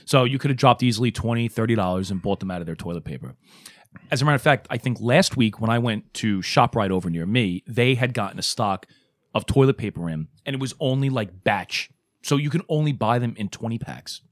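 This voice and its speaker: A man's voice: lowish voice, animated, fairly quick, no room sound, studio quality. A man co-hosting a podcast in casual, rambling, profane chat, sarcastic and loose. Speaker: podcast co-host.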